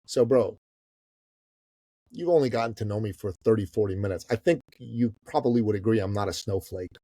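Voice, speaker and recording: A man in his fifties, from Iran, telling a story as a guest on an interview podcast, animated, swearing casually and calling the host "bro". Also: fairly low pitch, a little fast, husky, dry recording, clean studio sound. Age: 50s. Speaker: guest, business coach.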